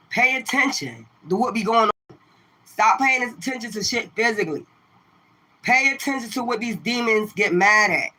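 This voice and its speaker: A woman who does tarot readings on a livestream, ranting straight at her viewers. Her voice is sharp and forceful, full of swearing and combative rhetorical questions that she keeps coming back to. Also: mid-range voice. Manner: profane and confrontational.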